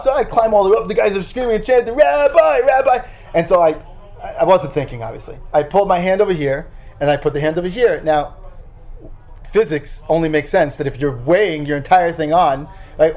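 A man, a rabbi, giving a Torah lesson and telling a lively personal story, acting out the dialogue himself. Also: high voice. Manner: animated storyteller, acts out his own dialogue.

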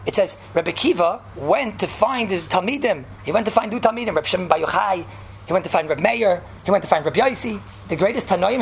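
A woman gives a mock sermon, excitable and stammering, repeating her phrases. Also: mid-range voice, creaky, a little hiss or hum. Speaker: preacher.

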